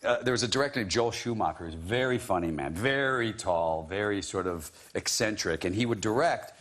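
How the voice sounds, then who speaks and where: A man's voice: fairly low pitch, lively intonation, fairly quick, fairly bright tone. A man who is a chat show guest, telling a self-deprecating anecdote and laughing often.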